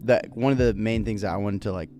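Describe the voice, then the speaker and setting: Chill podcast dude with a lowish voice, slangy, lots of ums, faint music under it. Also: male voice, fast talker, warm tone. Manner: laid-back, slangy, lots of fillers. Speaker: podcast co-host. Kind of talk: casual chat.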